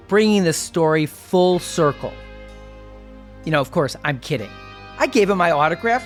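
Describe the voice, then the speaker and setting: A man's voice: high-pitched, normal speed, soft background music. Wry podcast host in his fifties. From Milwaukee. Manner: wry, deadpan jokey delivery. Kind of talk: scripted podcast narration and outro.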